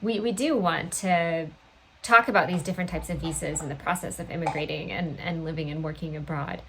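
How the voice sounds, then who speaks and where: A woman's voice: sits low, fairly even intonation, fairly bright tone, a little hiss or hum, low-quality recording. A woman hosting a podcast interview, upbeat and chatty. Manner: upbeat, chatty, quick to laugh. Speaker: podcast host. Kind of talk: casual interview.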